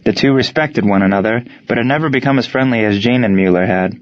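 A man reading a story aloud in steady scripted narration, at a middling pitch. The recording is dry, with no room sound, and a little dull and lo-fi. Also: quick pace, no room sound. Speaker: audiobook narrator.

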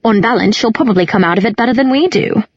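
A sharp young woman who speaks briskly and impatiently, voiced by a woman narrator. Her voice has a husky edge. The recording sounds dry and a bit dull. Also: fairly high pitch, dry recording, lightly acted.

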